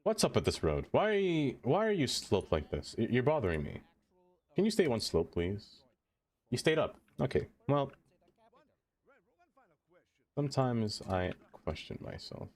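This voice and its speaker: Lively-voiced man streaming a game. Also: mid-range voice, a little slow, long pauses. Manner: chatty, talks to game objects, laughs often. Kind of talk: casual live-stream chat while building a city. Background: faint music.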